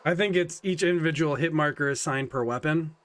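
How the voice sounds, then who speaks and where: A man's voice: fairly high pitch, fast talker, fairly bright tone. A man in casual gaming chat over voice call, confidently explaining how the game works. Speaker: gamer in a voice chat.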